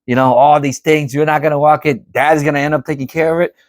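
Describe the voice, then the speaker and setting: Middle-aged man, vlogger, casual storytelling; animated and rambling, fairly high voice, dry close sound. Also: fast, dry recording. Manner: animated, rambling, repeats himself.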